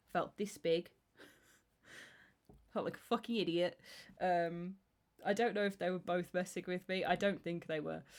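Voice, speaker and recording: A woman in her thirties, streaming and chatting casually with a rambling, self-deprecating manner full of restarts. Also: fairly low pitch. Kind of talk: casual chat.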